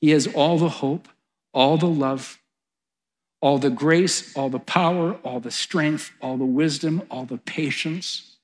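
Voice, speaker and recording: A middle-aged man preaching a sermon, swelling to loud, fervent peaks and then dropping soft. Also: a little high, slow pace. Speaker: pastor.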